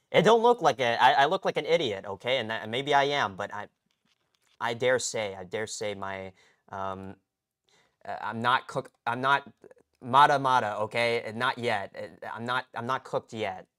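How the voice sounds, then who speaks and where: A young American man chats casually on a live stream from his home garage, rambling, restarting often, and repeating "okay?" His medium-pitched voice is a bit bright and moves at a normal speed.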